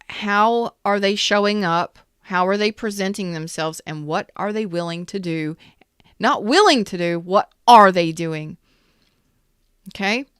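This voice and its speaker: A woman's voice: medium pitch, a bit bright, clear, resonant tone, no echo, clean studio sound. A woman giving a casual spoken tarot reading, chatty and full of repeated questions and restarts. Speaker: tarot reader.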